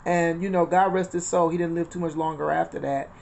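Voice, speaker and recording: Here the inspirational channel host, a middle-aged woman, speaks a little fast in a lowish, steady, slightly mellow voice touched by vocal fry. She chats casually about spiritual matters, repeating phrases and weaving in scripture and retold conversations.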